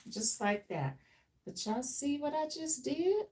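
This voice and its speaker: A woman's voice: high voice, very animated, slow pace, darkish tone, recorded from a distance. Chatty, playful woman. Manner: chatty, playful, teasing viewers. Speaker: hair stylist streaming live. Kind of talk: live stream chat while styling hair. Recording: off-mic with faint background noise.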